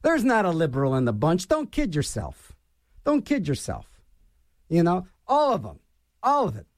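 A man's voice: sits high, huge pitch swings, normal speed, dry recording, clean studio sound. A middle-aged man hosting a radio show and delivering an opinionated political rant, scornful and repeating his phrases for emphasis.

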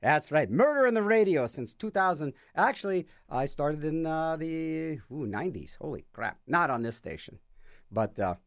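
A man's voice: fairly high pitch, big pitch swings, moderate pace, dry recording. A man hosting a radio show in a studio, rambling in a wry, sarcastic way. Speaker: radio DJ host.

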